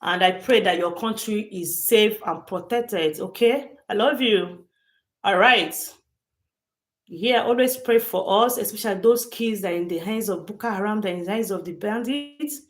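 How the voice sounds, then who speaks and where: A woman's voice: mid-range voice, normal speed. Brief: woman, live-stream host talking straight to chat, emphatic, repetitive delivery. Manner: emphatic, repeats phrases, addresses chat directly. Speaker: livestream host.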